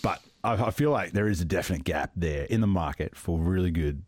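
Deep-voiced aussie host, animated, dry close sound. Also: male voice, brisk, no echo. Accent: Australian. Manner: enthusiastic, interjects often. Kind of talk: casual chat.

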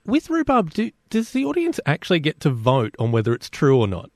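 A man's voice: on the high side, huge pitch swings, fairly quick, a little mellow, no room sound. Male radio host in a dry studio. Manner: chatty, laughs often. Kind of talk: casual radio interview.

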